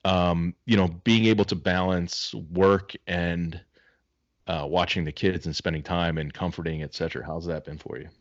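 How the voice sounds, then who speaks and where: A man's voice: low-pitched, fairly even intonation, normal speed, lo-fi sound. A man co-hosting a podcast in casual chat, telling stories animatedly and acting out the voices of the people in them. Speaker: podcast co-host.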